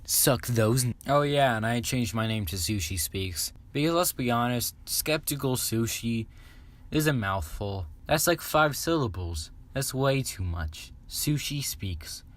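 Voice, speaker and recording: A man's voice: medium pitch, lively intonation, unhurried. A young man giving a sarcastic, swearing comedic review of internet memes. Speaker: meme commentary YouTuber.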